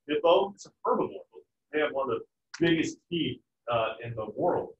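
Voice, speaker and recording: A man's voice: on the high side, lively intonation, moderate pace, pauses often, slight background noise. A man teaching a biology class in a casual, joking lecture manner. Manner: casual, joking, acts out family voices. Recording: echoey, distant, dull room sound.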